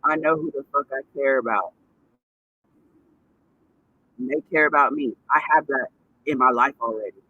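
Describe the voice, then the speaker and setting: A man's voice: medium pitch, moderate pace, pauses often, no room sound, narrow, tinny audio. A man ranting on a vlog, cursing and repeating himself in indignant bursts. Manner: profane, indignant, repetitive ranting. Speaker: vlogger.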